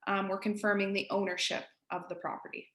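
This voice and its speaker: A woman with an East Coast Canadian accent, a real estate agent giving colleagues a casual, direct software tutorial. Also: mid-range voice, little pitch movement, brisk, reverberant. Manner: chatty, direct, addresses listeners as guys.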